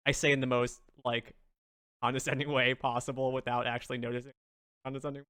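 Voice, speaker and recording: A man's voice: mid-range voice, level tone, fast talker, sharp tone, clear, resonant tone, no echo, studio quality. A man playing a tabletop game, playful and stammering in casual chat. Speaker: player.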